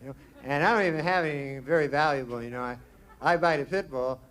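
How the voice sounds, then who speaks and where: A man doing a stand-up routine in a comedy club, with a deadpan, drawn-out delivery broken by quick asides. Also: fairly high pitch. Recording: live club with loud crowd laughter and noise. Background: audience laughing.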